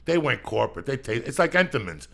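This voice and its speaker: A man's voice: medium pitch, sing-song, fast, creaky, a bit bright. A man, a podcast host telling rambling, profane stories in casual chat. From New Jersey.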